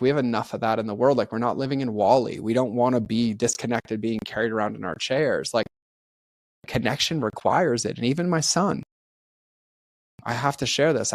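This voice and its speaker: On a podcast as a guest, a man tells candid, heartfelt stories casually, acting out the people in them and constantly saying "like." His medium-pitched voice moves at a fairly quick pace, with no echo.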